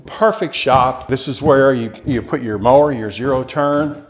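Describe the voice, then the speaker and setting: A man's voice: mid-range voice, unhurried. A man giving a casual walkthrough of a workshop barn as a real estate agent, rattling off tools like an auctioneer. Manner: rambling, listing tools like an auctioneer.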